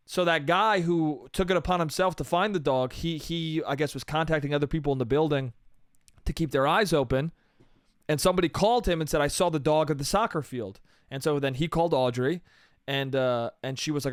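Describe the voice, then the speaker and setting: A young man hosting a comedy podcast, telling a story in animated, profane, slangy style with lots of quoted voices. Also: a little high, fairly quick, clean tone, no echo, clean studio sound.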